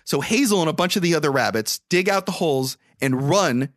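A man's voice: a little high, brisk, dry recording, clean studio sound. A man hosting a podcast, swearing freely as he animatedly recaps a movie plot. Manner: profane, animated storytelling. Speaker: podcast host.

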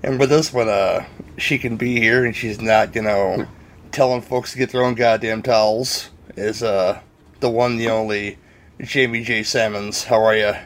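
A man's voice: lowish voice, steady tone, normal speed. A man hosting a podcast, joking and rambling in casual chat with his guests. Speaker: podcast host.

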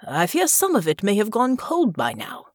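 A woman's voice: medium pitch, huge pitch swings, normal speed, no echo, studio quality, voice pushed up. A woman narrator voicing a doting, fretful older noble father in an audiobook.

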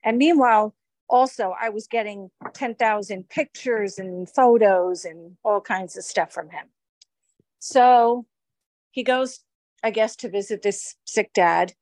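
A woman's voice: medium pitch, a little mellow, no room sound, studio quality. Woman rambling through her own story. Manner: rambling, with frequent restarts and quoted dialogue. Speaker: victim telling her story. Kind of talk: casual recounting in an interview.

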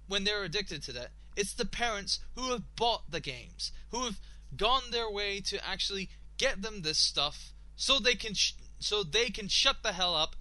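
A man hosting a radio show, ranting and swearing in exasperation, his voice slightly hoarse. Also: sits high, sharp tone, no room sound. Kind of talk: casual solo radio talk.

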